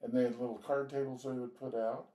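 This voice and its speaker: An older man from Georgia, United States, speaks quickly and flatly in a dark, mid-range voice while recounting his life story for an interview. The storytelling is relaxed and rambling, about his youth, with small laughs. He sits far from the microphone in an echoey room.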